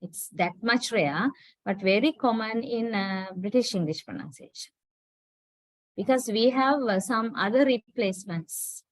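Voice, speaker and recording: A woman from Sri Lanka teaching English pronunciation in an online class, slow and patient, checking in with a rising "right?". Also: on the high side, dry recording, poor audio. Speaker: English lecturer.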